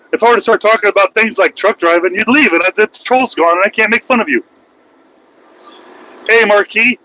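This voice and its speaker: A man's voice: high-pitched, bright, forceful tone, low-quality recording. Taunting trucker man ranting on a livestream. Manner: taunting, crude, mocking. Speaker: truck driver streaming live. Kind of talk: casual livestream rant. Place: truck cab while driving.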